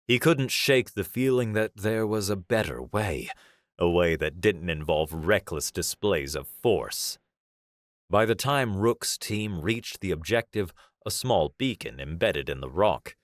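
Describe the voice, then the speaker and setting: Deep, slow male audiobook narrator. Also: no room sound, clean studio sound.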